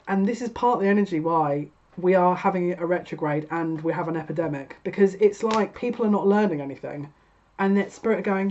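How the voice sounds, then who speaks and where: A fairly low-voiced woman talks through a tarot reading in a chatty, exasperated way, often laughing at her own asides. The audio is a little dull and lo-fi. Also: fairly quick, dark tone. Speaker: tarot reader.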